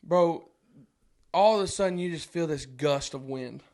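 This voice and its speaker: High-voiced man telling an animated story. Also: a little slow. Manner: animated, acts out quoted voices, frequent laughs. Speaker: podcast guest. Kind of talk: casual storytelling.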